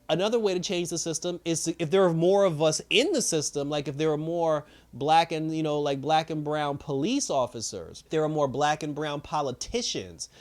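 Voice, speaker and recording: A man giving a casual, rambling recap of a TV episode. He fills his talk with "you know" and "like", laughs often and acts out the characters' lines. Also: on the high side. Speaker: TV review host.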